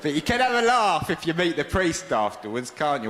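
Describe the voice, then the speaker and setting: A man's voice: on the high side, huge pitch swings, a little fast, few pauses, a faint crowd, a little hiss or hum. Blunt man doing stand-up. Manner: blunt, swearing, working-class banter. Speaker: stand-up comedian. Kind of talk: stand-up routine. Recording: echoey live hall, loud audience.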